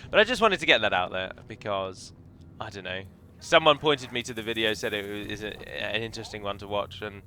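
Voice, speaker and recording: A man's voice: lowish voice, a little fast, hardly any pauses, sharp tone, slight background noise. A man casually commenting over a strategy game he plays, rambling into opinionated asides about pronunciation. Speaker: game modder and let's player.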